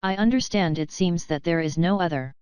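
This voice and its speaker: A woman reading the lines of a calm, commanding young male king in an audio novel, in a formal, unhurried way. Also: lowish voice, clean tone, no echo, lo-fi sound, lightly acted.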